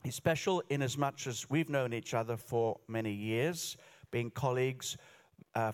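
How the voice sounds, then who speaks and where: A pastor introducing a guest speaker to his church, slowly and formally, building up to a loud welcome. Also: mid-range voice.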